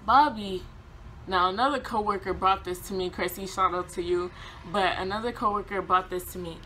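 A young woman tells a workplace story straight to camera in a casual vlog, animated and quick to laugh. Her voice is bright and forward, and her pitch sits in the middle for a woman. A faint hiss of room noise stays underneath. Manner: animated, laughs often, acts out quotes with high voice. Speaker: vlogger.

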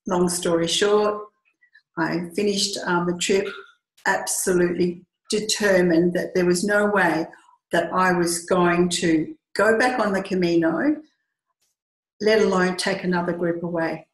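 A woman's voice: on the low side, fairly even intonation, moderate pace. A middle-aged woman from Western Australia with an Australian accent, a group tour leader earnestly telling a personal story and acting out the dialogue. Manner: earnest, reflective, acts out quoted dialogue. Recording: echoey room.

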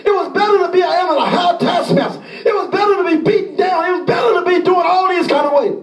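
A man preaching a sermon as pastor, impassioned and often shouting, acting out the pleas of the people he describes. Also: extremely high pitch, fast talker, reverberant, distant mic.

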